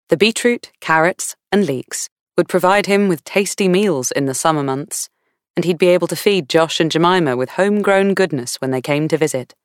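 A woman reading a novel aloud in measured, warm storytelling. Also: deep voice, no room sound, clean studio sound. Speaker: audiobook narrator. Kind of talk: scripted narration.

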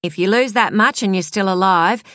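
A woman reading an audiobook, voicing a male crime scene technician who talks in a plain, measured, factual way. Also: high voice, fairly bright tone, no room sound, clean studio sound. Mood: matter-of-fact. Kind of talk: audiobook character voice.

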